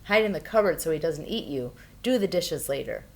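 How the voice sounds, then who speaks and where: A woman voicing a gruff, bossy giantess wife in a storybook read-aloud, loud and brusque. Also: deep voice, animated, fairly quick. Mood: impatient.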